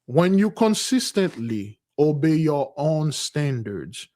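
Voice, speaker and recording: Man preaching in a slightly high voice. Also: moderate pace. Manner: repetitive, calls listeners "beloved"; loose, conversational preaching that swings between loud and soft. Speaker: spiritual teacher leading a community fast. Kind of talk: livestream sermon.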